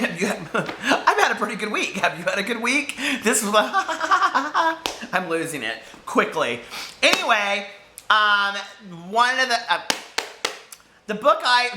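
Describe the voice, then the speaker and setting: A man's voice: sits high, pushed and bright, reverberant, slight background noise. A man chatting casually about books he read this week, rambling and giggling, overheated in a hot room. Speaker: book vlogger. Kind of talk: casual chat.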